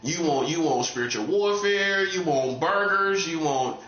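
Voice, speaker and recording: A man's voice: fairly high pitch, expressive, a little slow, few pauses, sharp tone, echoey room, muffled recording. A man preaching in a casual, street-talking way, repeating himself and laughing at his own jokes. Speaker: prophet. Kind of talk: informal preaching monologue.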